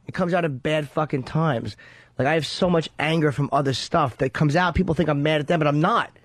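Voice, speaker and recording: Higher-voiced man venting earnestly. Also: brisk, no echo. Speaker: regular on a radio show. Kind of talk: casual radio talk. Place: radio studio. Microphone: studio microphone.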